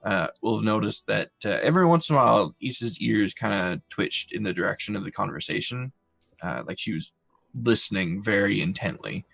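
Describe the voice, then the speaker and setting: A man's voice: sits low, creaky, fairly bright tone, breathy edge. A man playing a tabletop roleplaying game, describing his character hesitantly with lots of fillers. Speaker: player.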